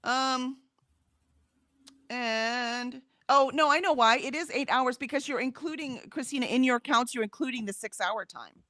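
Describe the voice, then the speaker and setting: A woman's voice: high-pitched, a little slow, a bit bright, dry recording, studio quality. A woman co-hosting a casual livestream, reading chat comments aloud and chatting, often laughing and trailing off mid-sentence.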